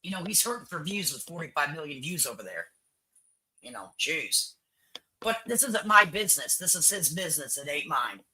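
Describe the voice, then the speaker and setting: A woman's voice: low-pitched, sing-song, normal speed, bright, forceful tone, slight background noise, rough recording. An older woman hosting a livestream, chatting bluntly and opinionated, repeating herself and swearing freely. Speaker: livestream host. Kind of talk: casual chat with viewers.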